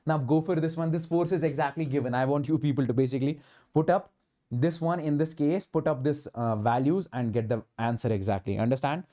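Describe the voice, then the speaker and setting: An Indian physics teacher runs an online lecture for exam students, his voice a little high, a little quick, and mellow. He speaks emphatically, repeating key phrases to push the class through each step, and mixes Hindi words into his English while solving problems.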